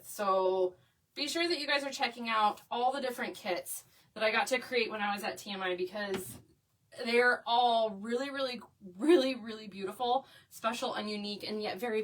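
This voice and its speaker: A woman's voice: mid-range voice, a bit bright, distant mic, a little hiss or hum. A woman teaching a craft live, bubbly and chatty as she talks with her viewers. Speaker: craft instructor. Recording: voice a bit away from the mic.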